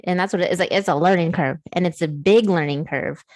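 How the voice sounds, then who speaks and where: A woman's voice: on the low side, brisk, no echo, studio quality. A woman hosting an interview show, chatting casually and affirming her guest with lots of fillers. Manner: warm, affirming, many fillers. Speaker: podcast host.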